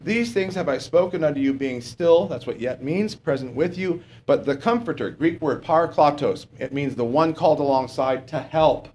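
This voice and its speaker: A man's voice: a little high, normal speed, few pauses, a little mellow, slight background noise. A male preacher giving a conversational sermon, often asking the congregation questions and adding "okay?" as he goes.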